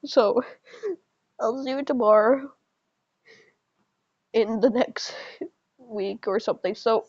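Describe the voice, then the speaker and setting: A woman vlogger reading a fan scenario aloud and talking to her viewers in a soft, unhurried way. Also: on the high side, no room sound. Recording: slightly dull lo-fi recording.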